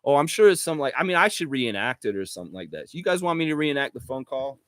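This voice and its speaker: Excitable, profane live-stream guy. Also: mid-range voice, fast talker, no echo, studio quality. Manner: profane, excitable, reads chat aloud. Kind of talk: casual live-stream rant.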